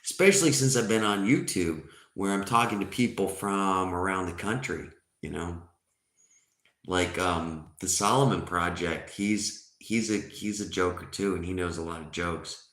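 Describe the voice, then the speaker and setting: A man in his forties chatting loosely on a livestream, cracking jokes and answering chat. His voice sits very low. The room adds a noticeable echo. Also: normal speed, a bit bright. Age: 40s. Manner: joking, chatty, reading chat aloud. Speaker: livestream host. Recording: roomy echo.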